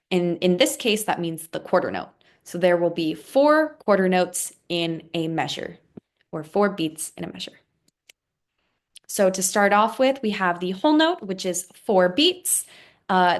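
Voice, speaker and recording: Slow, patient woman teaching music basics. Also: medium pitch. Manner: patient, counts rhythms aloud and claps. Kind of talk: instructional explainer video.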